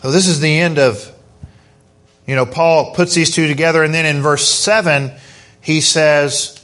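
Male pastor, higher voice, slow and deliberate, emphatic sermon delivery. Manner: emphatic, animated preaching.

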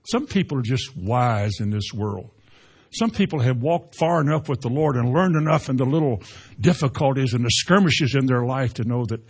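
A man with a husky, breathy voice delivers a sermon from the pulpit. His pitch sits in the middle range, and he leans into emphatic, rising phrases when he quotes scripture. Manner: preaching with rising emphasis and Bible quotations. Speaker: pastor.

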